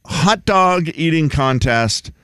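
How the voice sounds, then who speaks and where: A man's voice: a little high, expressive, slow pace, fairly bright tone, smooth, no room sound, clean studio sound. A man hosting a morning radio show, teasing his co-host and producer in casual banter. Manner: joking, teasing, chatty.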